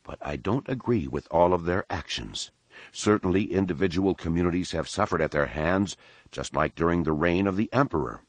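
A man voicing a young Jedi older brother who lectures quietly and sarcastically. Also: deep voice, normal speed, no echo. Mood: lecturing.

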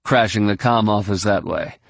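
A man voicing a brisk, commanding middle-aged man giving orders, close to his own voice. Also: fairly low pitch, vocal fry, dry recording.

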